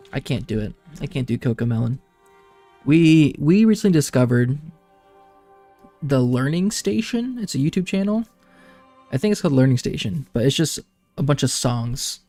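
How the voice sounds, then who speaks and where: A man's voice: mid-range voice, expressive, moderate pace, long pauses, mellow, no echo, faint music behind. A young man and streamer telling rambling family anecdotes in casual chat, laughing often. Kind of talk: casual chat while gaming.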